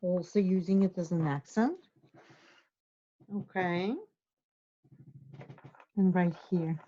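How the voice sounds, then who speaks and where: A woman's voice: lowish voice, steady tone, takes it slowly, mellow, muffled recording. Encouraging woman teaching a drawing lesson. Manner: encouraging, drawing while she talks. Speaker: art instructor.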